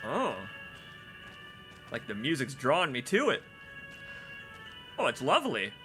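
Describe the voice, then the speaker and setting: A man casually commenting on a video game as he plays. He reads the in-game notes aloud and bursts into loud, exclaiming laughs at the jokes. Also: mid-range voice, huge pitch swings, unhurried, music in the background. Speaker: streamer playing a video game. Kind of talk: casual let's-play commentary.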